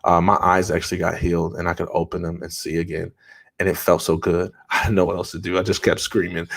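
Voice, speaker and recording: Male podcast guest, low voice, earnest and conversational storytelling. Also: flat delivery, fast. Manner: earnest, conversational, with frequent restarts and fillers. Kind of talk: personal storytelling in a podcast interview.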